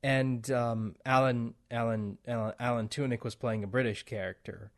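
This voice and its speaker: A man's voice: medium pitch, fairly even intonation, normal speed. A man hosting a podcast in casual chat, rambling with restarts and laughs between points. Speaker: podcast host.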